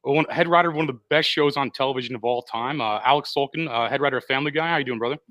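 A man's voice: medium pitch, very fast, no echo, highs cut off. Man, talk show host, joking, rambling, dry close sound. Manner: joking, rambling, many fillers. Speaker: podcast host. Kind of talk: casual live show hosting. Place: restaurant.

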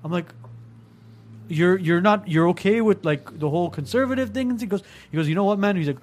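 A man's voice: sits high, brisk, darkish tone, slight background noise. A man in casual chat, telling a story with acted-out quotes and casual swearing.

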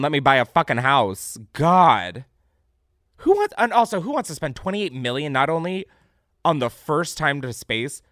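Young male podcast host, sarcastic and foul-mouthed, pitch jumping all over, dry close sound. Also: no room sound. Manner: animated, sarcastic, swears freely, breaks into laughter. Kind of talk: casual comedic news chat.

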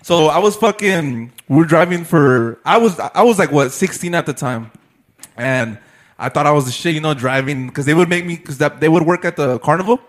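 A young man spins a long, rambling story for his friends, stuffed with fillers and swearing. His voice sits a little high and he laughs as he goes. It is loose, casual chat. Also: animated, normal speed.

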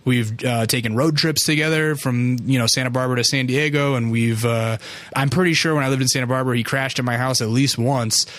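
A man's voice: mid-range voice, steady tone, a little fast, fairly bright tone, no room sound. A man hosting a podcast, telling a rambling, casual story intro full of fillers and swearing. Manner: loose and profane, full of fillers. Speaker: podcast host.

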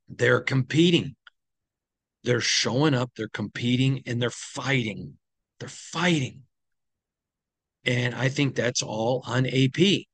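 A man's voice: mid-range voice, fairly bright tone, no echo. A man hosting a sports team recap podcast, talking in a conversational, opinionated way with frequent ums, sounding tired. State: tired, yawning. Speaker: sports team insider host.

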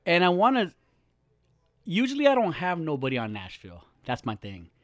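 A man's voice: fairly high pitch, huge pitch swings, moderate pace, a bit bright, dry recording. A young man hosting a podcast, chatting casually, joking and swearing freely in a small studio. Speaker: podcast host.

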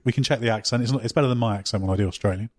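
A man's voice: fairly low pitch, rapid-fire, darkish tone, no echo. Man, podcast host, casual joking chat, restarts sentences, dry close sound. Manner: jokey, teasing, frequent restarts.

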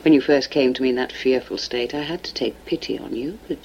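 A woman's voice: a bass voice, fairly quick, a little mellow, a little hiss or hum. An actress playing a cold, cynical woman taunting her lover in a film scene. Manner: cool, taunting. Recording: dull lo-fi film audio.

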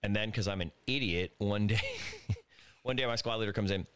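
A man's voice: lowish voice, quick pace, fairly bright tone. A middle-aged man, a Marine veteran guest, telling war stories in a casual chat, self-mocking and laughing at himself.

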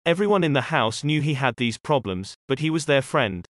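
A man narrates first-person stories in a steady, even read. His voice sits in a middle register. The recording is dry and close, with no room echo. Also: mid-range voice, brisk. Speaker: narrator reading posted stories. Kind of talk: scripted narration.

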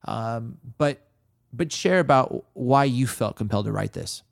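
A man in his forties hosting a podcast, an animated storyteller who restarts his sentences often. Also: mid-range voice, unhurried, creaky, no echo, studio quality. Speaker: podcast host. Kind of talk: casual conversation.

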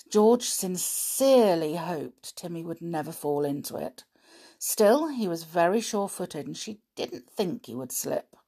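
A woman narrating a children's storybook in an expressive, lively way. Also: on the low side, husky. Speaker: audiobook narrator.

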